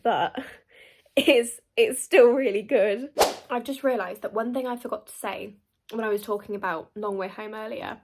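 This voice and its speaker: A young woman, gushing excitedly and emotionally about the book she's reading in a casual vlog, recorded outdoors. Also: mid-range voice. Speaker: book vlogger. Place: outdoors at sunset.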